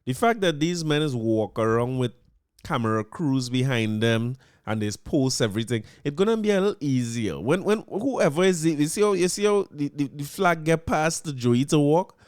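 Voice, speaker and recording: A man's voice: fairly high pitch, lively intonation, moderate pace, clean tone, no room sound, studio quality. A man with a Trinidadian accent hosting a podcast in a loose, conversational way, often repeating words as he finds his phrasing. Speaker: podcast host. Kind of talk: casual commentary.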